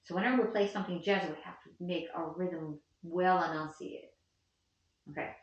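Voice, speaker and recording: A woman's voice: on the low side, fairly even intonation, moderate pace. A woman giving a one-on-one piano lesson, explaining patiently and counting the beats aloud. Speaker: piano teacher. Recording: echoey, distant, dull lo-fi sound with piano. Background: piano playing.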